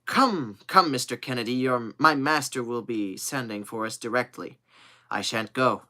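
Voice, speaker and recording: A man's voice: mid-range voice, moderate pace, bright, forceful tone, natural voice. A man voicing a cheerful, loyal young manservant who talks eagerly and earnestly.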